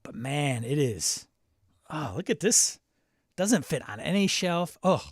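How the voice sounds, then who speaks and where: Fairly high-pitched and husky with big swings in pitch, the game stream host takes it slowly, reading comments aloud and breaking off his own chatter. Clean studio audio, no room sound.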